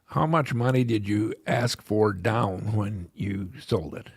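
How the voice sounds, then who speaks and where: A man's voice: on the low side, slow, slightly rough, no room sound, clean studio sound. A man hosting a podcast interview, asking the guest direct, probing questions. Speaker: podcast host.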